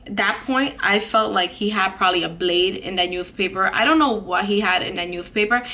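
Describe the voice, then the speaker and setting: A woman's voice: mid-range voice, sharp tone. A young woman telling a storytime vlog in an earnest way, full of "like" fillers. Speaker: vlogger.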